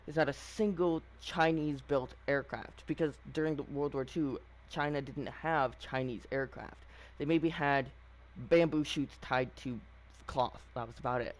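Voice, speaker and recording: A man giving casual, opinionated commentary on a video game, rambling with frequent fillers and restarts. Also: medium pitch. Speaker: gaming channel host.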